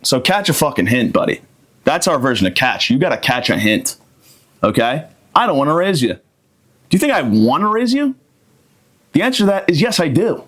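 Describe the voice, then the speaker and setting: A man hosting a podcast, delivering a crude, cocky comedic monologue in a deadpan manner. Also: on the high side, moderate pace. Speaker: podcast host.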